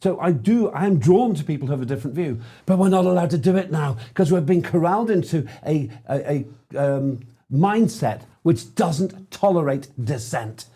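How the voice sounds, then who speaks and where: Male guest, husky, warm dark tone, earnest, slightly halting. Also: fairly high pitch, lively intonation. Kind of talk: opinionated talk.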